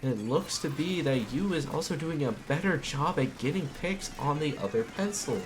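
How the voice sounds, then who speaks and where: A man casting an esports match alone from home, calling plays and then talking more quietly so as not to wake others. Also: a little high, background noise. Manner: rapid excited calls, then quieter. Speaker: esports caster. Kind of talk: solo play-by-play commentary.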